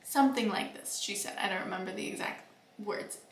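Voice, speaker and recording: A woman's voice: medium pitch, brisk, gravelly, recorded from a distance, slight background noise. Earnest young woman in an echoey room. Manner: earnest and reflective, with soft laughs and fillers. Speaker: vlogger. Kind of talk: casual advice talk to camera. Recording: echoey room, voice a bit off-mic.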